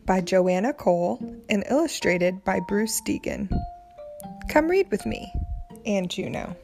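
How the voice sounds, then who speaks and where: A woman reading a children's picture book aloud, narrating gently and clearly. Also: mid-range voice, expressive, unhurried, soft background music. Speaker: storybook reader.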